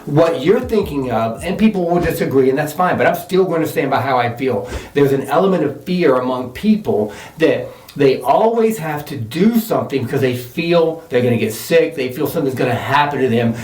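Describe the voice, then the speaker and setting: A man's voice: mid-range voice, lively intonation, normal speed, hardly any pauses, darkish tone, a little hiss or hum. A man co-hosting a podcast and bickering with his partner, defensive and teasing by turns. His voice sits in the middle range for a man. He is picked up from some distance in a roomy space that echoes. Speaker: podcast co-host. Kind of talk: casual argumentative chat. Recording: roomy sound, mic at a distance.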